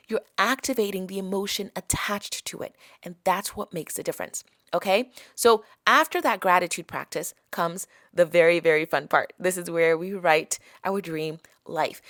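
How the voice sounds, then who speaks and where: A woman's voice: on the low side, normal speed, a bit bright, no room sound, clean studio sound. A woman from Africa with an African accent, hosting a podcast and teaching in a coaxing way that keeps checking in with her listeners. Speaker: podcast host. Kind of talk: motivational teaching talk.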